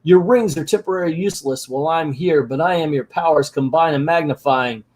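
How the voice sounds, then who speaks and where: A man's voice: on the high side, fairly quick, a little mellow, natural voice. A man voicing a male cartoon superhero who declaims grandly, earnest and self-important. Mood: heroic.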